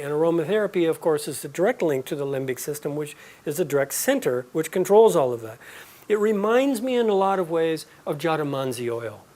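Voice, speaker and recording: A man teaching a live class, explaining and telling stories in a relaxed, conversational way. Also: fairly high pitch. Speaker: aromatherapy teacher.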